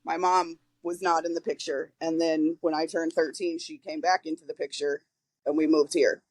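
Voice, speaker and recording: A woman's voice: sits low, level tone, normal speed, dry recording, rough recording. A woman in her forties speaks plainly and openly as a podcast guest, swearing now and then as she talks through her own past. Her voice is close and dry, with no room sound around it. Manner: candid, frank storytelling with casual swearing. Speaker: guest, reentry liaison. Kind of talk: casual podcast interview.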